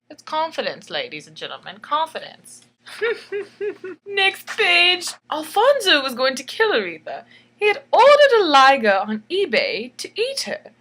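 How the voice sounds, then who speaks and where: A woman's voice: sits high, pushed and bright. A woman reading aloud her own picture book as a playful bedtime story, with jokey asides. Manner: jokey, chatty asides, laughs at own jokes.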